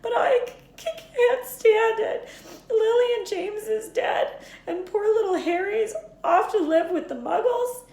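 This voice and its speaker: A big-hearted male giant from a storybook, weeping openly, his voice cracking high and loud between stammers, as a woman reader puts him on. The sound rings in a roomy space. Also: close to an everyday voice. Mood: sobbing. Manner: high, loud, sobbing and halting. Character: huge gentle bearded male giant, tearful. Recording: roomy echo.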